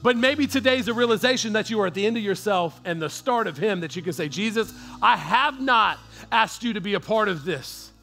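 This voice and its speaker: A man preaching a sermon as pastor, with a high, bright, ringing voice and faint music under him. He talks in an easy, slangy way and swells from hushed storytelling into loud, fervent preaching. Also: expressive, brisk.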